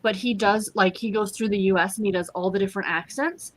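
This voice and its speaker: A woman co-hosting a casual chat, enthusiastic and quick to laugh. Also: mid-range voice, no room sound. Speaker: co-host.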